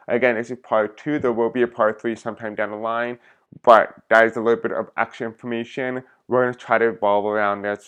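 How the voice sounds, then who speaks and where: A man's voice: on the low side, a bit bright, clear, resonant tone. A man talking casually to his viewers as a tarot reader, speaking directly to them. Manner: chatty, addresses viewers directly. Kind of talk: casual vlog talk to viewers.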